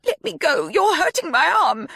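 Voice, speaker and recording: A terrified older woman's voice, high and strained as she begs to be released, put on by a woman narrating an audiobook. The voice is pushed well above the narrator's own and sounds pinched with fear. The sound is dry and close. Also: sing-song, normal speed, creaky, sharp tone, dry recording, exaggerated voice. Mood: pleading, frightened. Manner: tearful pleading. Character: frightened older woman, pleading.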